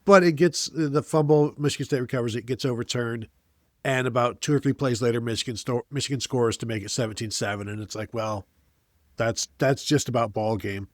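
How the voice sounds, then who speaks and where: A man's voice: medium pitch, a little fast, dry recording, studio quality. A man co-hosting a sports podcast, picking apart a game with rambling, exasperated analysis. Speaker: podcast co-host. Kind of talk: casual sports chat.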